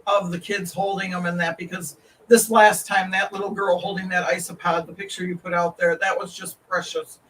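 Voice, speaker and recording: A man's voice: sits high, flat delivery, moderate pace, fairly bright tone. A man who works as a reptile vendor, telling stories with enthusiasm in a casual chat. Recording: distant mic with faint room noise.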